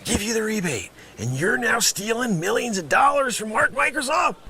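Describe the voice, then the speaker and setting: Loud, insulting fake scammer man. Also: very high-pitched, animated, moderate pace. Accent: put-on New York. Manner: loud, insulting, swings from shouting to muttering. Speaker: improv comedian playing a phone scammer. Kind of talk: improvised comedy sketch.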